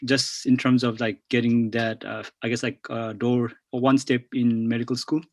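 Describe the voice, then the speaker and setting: A man's voice: mid-range voice, flat delivery, moderate pace, a little mellow, no echo. A man moderating an online Q&A, relaying questions hesitantly with many fillers. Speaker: student moderator asking questions. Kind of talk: casual Q&A moderation. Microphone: video call.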